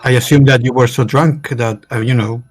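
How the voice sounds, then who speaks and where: A man's voice: medium pitch, fairly even intonation, fairly quick, a loud crowd. A man playing a character in a tabletop game, hedging with many fillers. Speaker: player.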